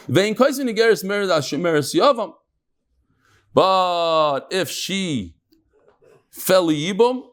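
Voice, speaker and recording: A middle-aged man leads a daily Talmud class in a lively, jokey way, his voice sitting a little high for a man. He shifts between plain English and Hebrew-Aramaic terms as he explains. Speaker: Talmud class teacher and host. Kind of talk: lively Talmud lesson to a live group.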